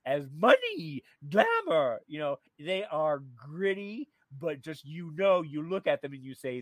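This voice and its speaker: A man co-hosting a radio show, telling a story in a gossipy, animated way with many fillers and restarts. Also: fairly high pitch, unhurried, hardly any pauses, no room sound. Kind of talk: casual radio chat. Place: radio studio.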